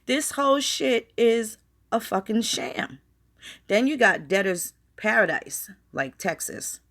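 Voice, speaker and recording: A woman's voice: fairly high pitch, big pitch swings, takes it slowly, fairly bright tone. A woman vlogger in a casual live-stream rant, talking straight to her viewers in a blunt, profane, fired-up way. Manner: addresses viewers directly.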